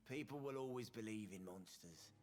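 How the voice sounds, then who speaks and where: A man's voice: fairly low pitch, normal speed, a little mellow, slight background noise, close to an everyday voice. An actor playing a drunk, cynical male bar patron in a video game, sardonic and dismissive.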